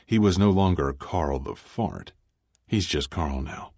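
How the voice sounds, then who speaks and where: A man narrating a first-person romance audiobook in a measured, dry manner. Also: low voice, darkish tone, no echo.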